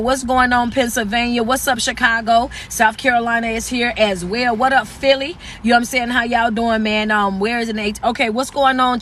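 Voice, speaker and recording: A man with a very high voice gives a motivational talk on a live stream. He speaks loud and fast, with aggression and authority. The sound comes through a phone mic. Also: slight background noise.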